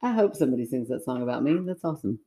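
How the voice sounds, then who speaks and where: A woman's voice: a bass voice, big pitch swings, rapid-fire, mellow. A woman co-hosting a podcast in casual chat, playful and giggly, stumbling as she reads listener stories aloud. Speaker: podcast co-host.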